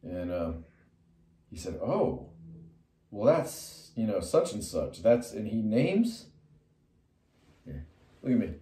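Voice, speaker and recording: A middle-aged man, a metal musician and artist, telling a long personal story to camera in a loose, digressive way, full of fillers and restarts, his voice jumping high and loud whenever he quotes himself. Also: sing-song, slow, pauses often. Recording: roomy sound from a distant mic.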